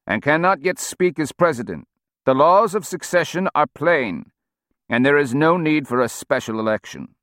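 A man's voice: fairly high pitch, expressive, moderate pace, a bit bright, no echo, studio quality, voice pushed up. A man voicing a dazed male politician in his seventies who stumbles over his words. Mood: stiff.

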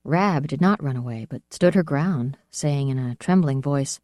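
A woman narrating an audiobook in a steady, measured storytelling manner. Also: low voice, dry recording, studio quality.

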